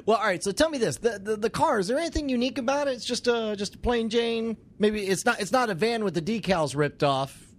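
A man's voice: high voice, lively intonation, fairly quick. A man doing comedic improv, rambling through theories with puns and riffs. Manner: rambling, riffing, wordplay. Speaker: improv player.

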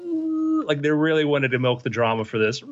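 A man running a tabletop game as game master, narrating scenes in a playful, animated way. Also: medium pitch, fast talker, muffled recording.

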